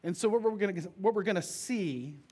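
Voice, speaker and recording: A male pastor preaching a sermon, reading scripture and telling stories in an earnest, expressive way. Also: high-pitched, brisk, breathy edge.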